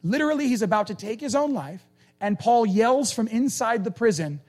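A male preacher giving a conversational, animated sermon and acting out quoted lines. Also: high voice, fairly quick.

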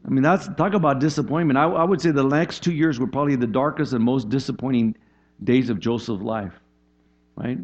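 Animated male pastor preaching, lo-fi. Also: brisk. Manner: animated, conversational preaching with frequent "right?" and pitch leaps. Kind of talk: sermon. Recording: dull lo-fi sound.

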